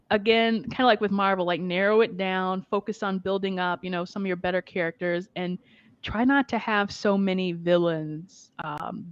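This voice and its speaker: A woman co-hosting a pop culture podcast, chatty and quick to laugh. Her voice sits at an ordinary middle pitch. The recording is dull and muffled, with a dry, close sound. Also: no echo. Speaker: podcast co-host. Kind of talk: casual chat.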